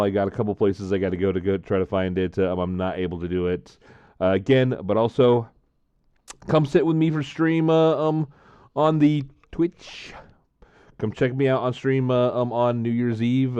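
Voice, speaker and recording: A man chatting casually to camera while tasting drinks, rambling, repeating himself and filling pauses with frequent "uh, um" sounds. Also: fairly low pitch, dark tone, clear, resonant tone, no room sound, dull audio.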